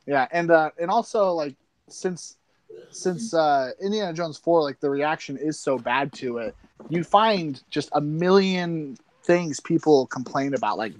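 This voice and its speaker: A man's voice: fairly high pitch, animated, measured pace. A young man chatting casually about films as a podcast guest, easygoing and hesitant in his phrasing. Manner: easygoing, hesitant, many fillers and restarts. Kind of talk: casual film discussion.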